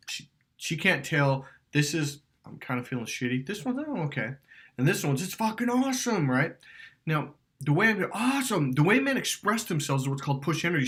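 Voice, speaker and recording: A man's voice: fairly high pitch, a bit bright. A man coaching on dating, talking emphatically, swearing and acting out quotes. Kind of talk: animated coaching talk.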